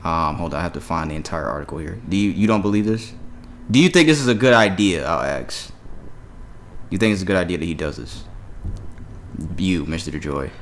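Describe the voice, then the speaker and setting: Deep-voiced man hosting a casual podcast. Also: animated, a little fast, slight background noise. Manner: quizzes co-host, reads news aloud with casual asides. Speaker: podcast co-host.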